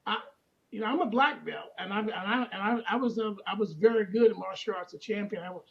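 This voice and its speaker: An older man in his sixties with a gravelly, creaky voice speaks earnestly as a guest, often doubling back on his words. The sound is dull and lo-fi, like a remote line. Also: high voice, fast talker. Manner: earnest, repeats words while finding them. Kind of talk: casual testimony on a talk show.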